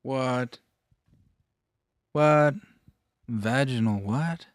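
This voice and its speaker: A man's voice: mid-range voice, smooth, no room sound, studio quality. A man co-hosting a casual comedy chat, joking around and giggling often. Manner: joking, giggly, slow drawl. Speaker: podcast co-host.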